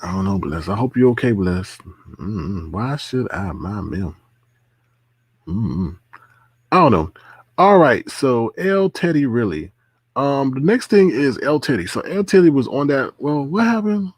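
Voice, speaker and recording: A man's voice: medium pitch, big pitch swings, measured pace, breathy edge, no echo. A man hosting a casual livestream, reading chat comments aloud, laughing often and repeating himself. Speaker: livestream host.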